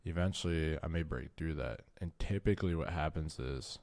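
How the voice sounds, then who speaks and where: A man's voice: very deep voice, normal speed, gravelly, a little mellow, dry recording. A man hosting a casual trading livestream, talking loosely and cursing, stumbling over his words as he walks through charts. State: tired, short on caffeine. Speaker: trading stream host.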